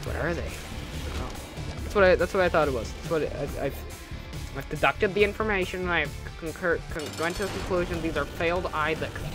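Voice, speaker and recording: A young man hosting a casual let's-play, rambling, correcting himself, humming and joking to himself as he plays. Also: a little high. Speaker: gaming channel host.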